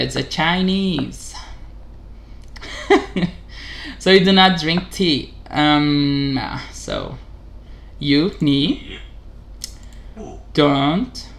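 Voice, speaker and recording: A man hosting a casual vlog, talking haltingly in English, correcting himself and chuckling as he practices a new language. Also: a little high, gravelly, bright, forceful tone. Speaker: channel host.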